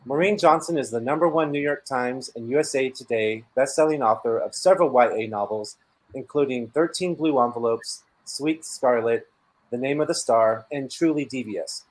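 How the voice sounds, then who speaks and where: A man reads out event housekeeping and guest bios from a script, steady and formal, at a middling pitch. He sounds like a bookstore host opening an online author talk. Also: moderate pace, poor audio.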